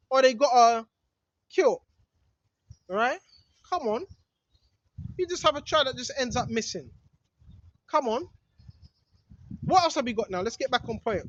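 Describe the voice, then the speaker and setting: A man's voice: extremely high pitch, fairly bright tone, no room sound, lo-fi sound. A man preaching in an emphatic, rambling way outdoors in a hidden spot in the woods, often asking "right?". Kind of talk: outdoor religious vlog monologue.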